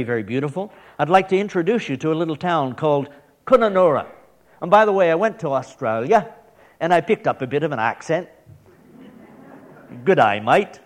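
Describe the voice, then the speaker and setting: A man with a Canadian accent giving an earnest church mission presentation about radio broadcasting, with playful asides. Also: mid-range voice.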